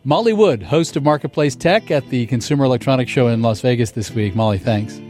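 A man anchoring a radio business news program, reading headlines briskly and chatting with a lightly wry touch. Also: mid-range voice, a little mellow, faint music behind. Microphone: studio microphone.

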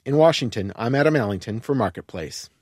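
A man reading a scripted radio news report in a measured manner. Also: mid-range voice, lively intonation, darkish tone, dry recording, clean studio sound.

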